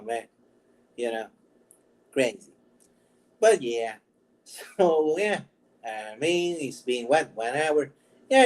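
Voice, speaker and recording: The recording is low quality, capturing a mid-range male voice. He's a vlog host chatting casually on his own channel, rambling, laughing a lot, and poking fun at himself.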